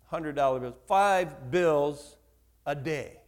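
A man voicing a gruff, pushy middle-aged mob boss who coaxes slowly while telling a testimony story. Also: fairly high pitch, voice pushed down. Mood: coaxing.

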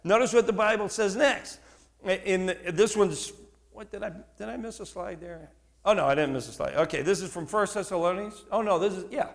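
A middle-aged pastor with a high-pitched voice tells a story during his sermon before a congregation in church. He asks the congregation questions and shouts for emphasis.

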